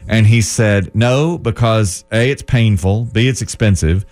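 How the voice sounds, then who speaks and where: A man's voice: fairly low pitch, a little slow, darkish tone. A man hosting a radio talk show, telling a long story and acting out the quoted dialogue in a chatty way. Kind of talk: casual radio chat.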